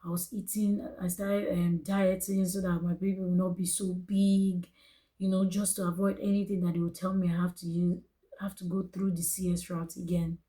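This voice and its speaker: Earnest Nigerian woman, mellow voice. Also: fairly low pitch, little pitch movement, moderate pace, low-quality recording. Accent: Nigerian English. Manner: earnest, emotional, repeats phrases for emphasis. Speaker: vlogger. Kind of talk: personal storytelling to camera.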